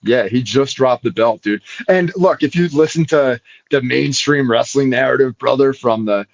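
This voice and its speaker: A man's voice: mid-range voice, moderate pace, creaky, no echo, highs cut off. Laid-back man saying bro and dude. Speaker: guest. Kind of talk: casual live show chat.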